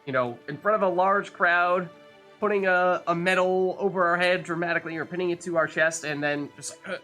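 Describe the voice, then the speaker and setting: Bright-voiced, chatty gaming man. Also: high-pitched, steady tone, a little fast, soft background music. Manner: chatty, thinking aloud, laughs. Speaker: let's play host. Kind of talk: casual gameplay commentary.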